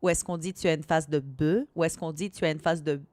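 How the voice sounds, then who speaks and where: A woman streamer chatting softly and casually with her viewers while gaming, giggling often and slipping into French. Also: low-pitched, fairly even intonation, quick pace, no echo. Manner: switches between English and French. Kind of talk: soft-spoken casual chat while gaming.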